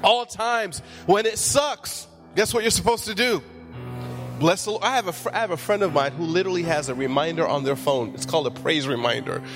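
A man's voice: on the high side, brisk, soft background music. A man, a pastor, preaching a sermon in church and telling funny stories with acted-out quotes. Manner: humorous storytelling, acts out quotes.

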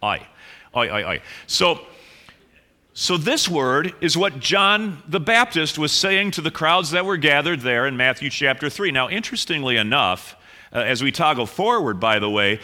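A male pastor delivering a conversational sermon with a strikingly bright, sharp voice pitched a little high. He teases the congregation playfully and tends to repeat words as he thinks aloud.

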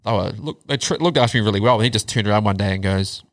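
Thirties New man, low-pitched and candid, swears casually, dry close mic. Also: rapid-fire, dry recording. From New Zealand. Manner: candid storytelling, swears freely, drops to a low murmur on hard parts. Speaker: guest. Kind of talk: casual chat.

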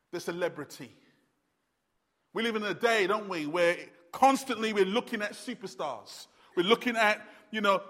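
A man's voice: high-pitched, fairly bright tone, long reverb tail. A man preaching a sermon in an emphatic, repetitive, conversational manner with fillers.

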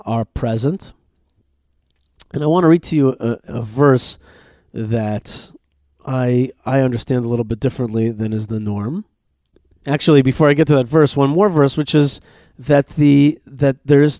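A man's voice: medium pitch, darkish tone, no room sound, clean studio sound. A man, a rabbi and podcast host, giving a Torah teaching talk while thinking aloud with many restarts.

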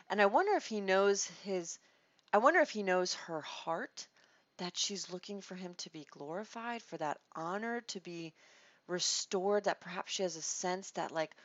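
A woman teaching a Bible study in a conversational, expressive way, restarting her phrases as she thinks. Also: medium pitch, moderate pace, no echo. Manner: expressive, acts out quoted lines, restarts phrases. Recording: dull lo-fi dry recording.

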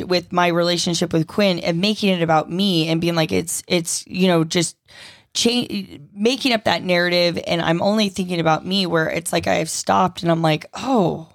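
A woman co-hosting a podcast, talking in a chatty, animated way with quick asides. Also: fairly low pitch, dry recording, studio quality. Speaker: podcast co-host. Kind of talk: casual podcast conversation.

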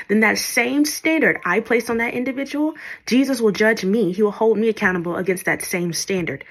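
A woman's voice: medium pitch, moderate pace, fairly bright tone, husky. A woman teaching the Bible in an informal podcast style, often checking in with "okay?".

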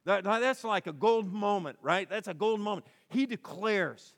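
A male pastor preaching a conversational sermon, animated and acting out quoted lines in between. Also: sits high, a little slow.

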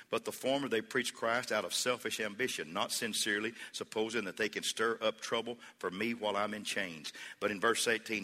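A male pastor delivering a sermon, moving from easy conversational talk to loud, rhythmic preaching. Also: fairly low pitch. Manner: builds from conversational to shouting, preacher cadence. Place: church sanctuary. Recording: long hall reverb.

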